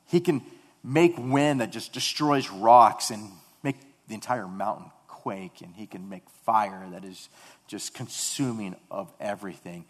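A man preaching a sermon, swinging from loud, fervent emphasis to hushed, quiet passages. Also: fairly low pitch, moderate pace. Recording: long hall reverb.

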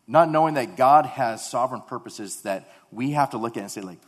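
A pastor in his thirties tells family stories during a sermon, conversational yet animated and emphatic. His mid-range voice moves a little fast with few pauses, and a large hall's long echo surrounds it.

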